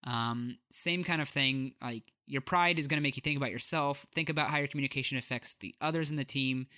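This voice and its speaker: A man's voice: mid-range voice, a little fast, pushed and bright, smooth, no echo, clean studio sound. A man co-hosting a casual chat, talkative with frequent fillers. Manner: chatty, lots of "like" and "uh".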